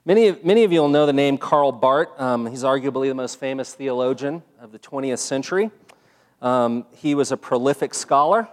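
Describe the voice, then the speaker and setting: A male pastor preaching in an easy, conversational way, his voice sitting at an ordinary middle pitch. He leans on fillers and climbs higher when he presses a point. A long reverb trails behind every phrase in the church hall. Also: brisk. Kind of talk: sermon. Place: church sanctuary.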